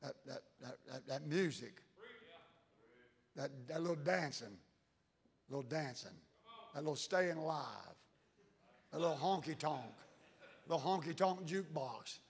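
A pastor preaches in a folksy, emphatic manner, his voice pitched a little high. He drops into low, intense tones to press a point. The sound carries a long reverb from the church hall. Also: unhurried, pauses often. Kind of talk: sermon. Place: church sanctuary.

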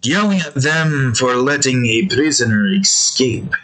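A young man casually narrating a dice-driven escape story while drawing, rambling with fillers and sudden jumps up in pitch. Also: expressive, unhurried, fairly bright tone, a little hiss or hum, low-quality recording.

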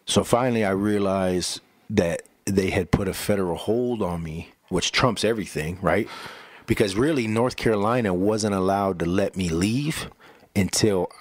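A man's voice: sits low, moderate pace, no room sound. A man, a pastor, casually telling his life story in an interview, acting out what people said, repeating words and often saying "bro" and "right?". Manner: animated storyteller who acts out quotes, repeats words, says "bro" and "right?".

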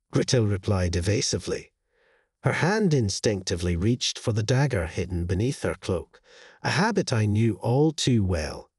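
A man narrating a horror story in a slow, grave storytelling manner with lively intonation, in a dry, close studio voice-over. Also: fairly low pitch, breathy edge, dry recording.

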